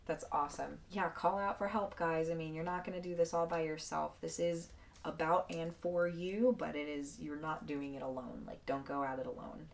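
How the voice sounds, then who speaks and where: A woman's voice: low voice, fairly even intonation, moderate pace, gravelly, a little hiss or hum. A woman giving a casual, emotional tarot card reading to her viewers, effusive and swearing freely.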